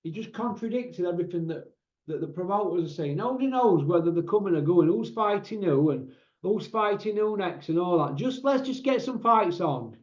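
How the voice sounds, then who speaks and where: Guy ranting about boxing, fed up, keeps going "isn't he?", a bit high, echoey dull recording. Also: lively intonation, normal speed. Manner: exasperated, leans on tag questions. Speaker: boxing commentary host. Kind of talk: casual ranting commentary. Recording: roomy, dull lo-fi sound.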